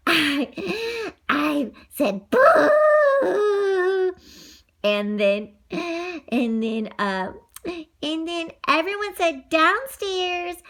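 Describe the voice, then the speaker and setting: A woman telling a children's story in an improvised, halting, giggly way. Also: high voice, fairly bright tone.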